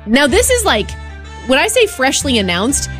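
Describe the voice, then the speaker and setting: A woman's voice: sits high, wildly swooping pitch, normal speed, over music. A woman hosting a radio show, upbeat and promotional, announcing an event. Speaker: radio host.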